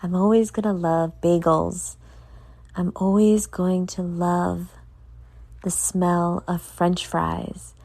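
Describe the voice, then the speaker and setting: Tired woman with a gravelly, low voice. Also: level tone, slow, dark tone, no room sound. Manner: earnest, motivational, addresses listeners directly. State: tired, yawning. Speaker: podcast host. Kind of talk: casual solo podcast talk.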